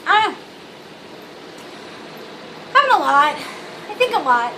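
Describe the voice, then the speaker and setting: Bubbly girl ranting on her vlog, high voice, lotta "like"s, kinda noisy audio. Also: sing-song, unhurried, bright, forceful tone. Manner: bubbly, blunt, rambling with many fillers. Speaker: vlogger. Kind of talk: casual vlog monologue. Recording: noisy home recording.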